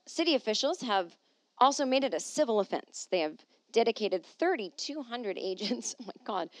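A woman's voice: mid-range voice, dry recording. A woman hosting a comedic solo podcast, reading news aloud and riffing on it sarcastically, swearing freely. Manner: sarcastic, swears freely, slips into silly put-on voices.

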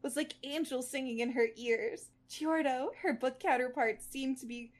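A woman with a high voice co-hosts a podcast, reading a fan-fiction story aloud and breaking off to chat. She is animated and blunt, swearing casually as she goes. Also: moderate pace. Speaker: podcast co-host.

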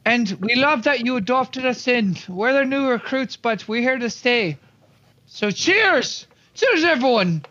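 A man playing a tabletop game, giving loud, boisterous in-character toasts with a dull, muffled sound. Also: very high-pitched, moderate pace, few pauses. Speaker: player.

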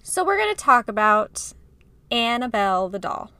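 Giggly bright-voiced woman podcast host. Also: a little high, very animated, normal speed, smooth, no echo. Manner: giggly, apologetic, bubbly. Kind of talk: casual chat. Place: home, remote recording over video call. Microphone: close podcast mic.

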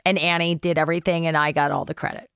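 A woman's voice: deep voice, quick pace, clean tone, dry recording, studio quality. A middle-aged woman, an actress guest on a podcast, telling a casual anecdote and acting out the voices of the people in it, with some swearing. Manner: animated storyteller acting out quotes, swears casually.

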